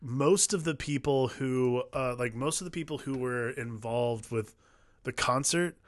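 A man's voice: mid-range voice, unhurried, no room sound. A man with a mid-range voice talking through a movie in loose, rambling stretches. His sound is close and dry. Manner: rambling, many fillers and restarts. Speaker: podcast co-host. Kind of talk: casual film-review chat.

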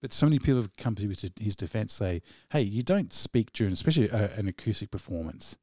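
A man's voice: lowish voice, lively intonation, fast, mellow, no echo, studio quality. A man co-hosting a music show, chatting casually in a rambling way, full of fillers and laughter. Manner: rambling, full of "you know" and "like", laughs often. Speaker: radio show co-host. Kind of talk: casual chat between songs.

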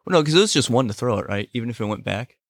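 Playful man with lively pitch. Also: rapid-fire, dry recording, studio quality. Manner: playful, laughs often, acts out scenes. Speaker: podcast co-host. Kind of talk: casual chat.

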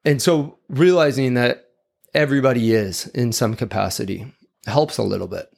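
A man delivers a heartfelt sermon-style talk in a gravelly, mid-pitched voice. He sounds earnest and confessional, reflecting openly as he speaks. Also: normal speed. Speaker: speaker giving a devotional talk.

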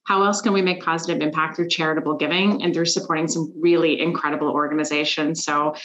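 A woman guest on a podcast, telling animated, emphatic stories about sales with exasperated asides. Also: deep voice, fast talker, rough recording. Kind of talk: casual interview chat.

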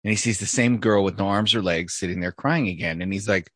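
Husky-voiced man telling jokes. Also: on the low side, a little fast, no room sound. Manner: laid-back joke teller, with hesitant fillers. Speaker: podcast host. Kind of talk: casual chat, telling jokes.

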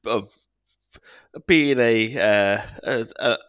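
A man's voice: lowish voice, extremely slow, fairly bright tone, clear, resonant tone, dry recording, studio quality. A man in his thirties co-hosting a podcast, rambling, swearing and laughing as he chats. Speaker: podcast co-host. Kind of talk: casual chat.

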